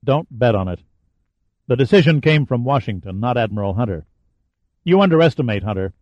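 A man voicing a tough male military hero who talks in a dry, sardonic, steady way, on a dry, slightly dull recording. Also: medium pitch, brisk, no room sound, natural voice. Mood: defiant.

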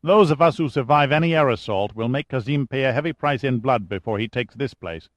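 A man's voice: medium pitch, expressive, normal speed, a bit bright, no room sound, natural voice. A man voicing a formal, resolute British officer in a clipped, proper manner.

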